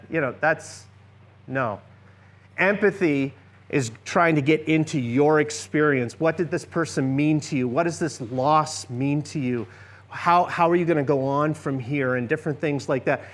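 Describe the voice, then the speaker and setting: A man's voice: on the high side, normal speed. A man presenting a church seminar on listening, earnestly addressing a live audience and often checking in with "okay?".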